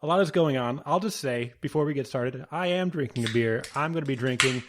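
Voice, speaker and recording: A man's voice: mid-range voice, brisk, background noise. A man hosting a podcast from home, chatting in a playful, joking way. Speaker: podcast host. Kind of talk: casual chat.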